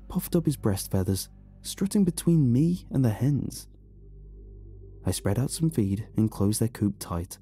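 Dramatic, husky horror narrator, male, with lively delivery and faint music underneath. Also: lowish voice. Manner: expressive, dramatic reading. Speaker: storyteller.

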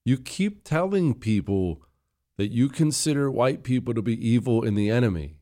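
A man's voice: medium pitch, animated, normal speed, mellow. A man hosting a political commentary show, scornful and emphatic with sarcastic asides. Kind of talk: opinion commentary.

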